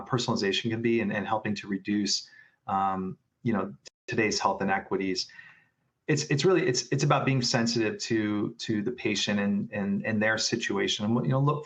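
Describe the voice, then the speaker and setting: A man presenting a business webinar on patient care, speaking in a halting way with many restarts and fillers. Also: on the low side, fairly bright tone.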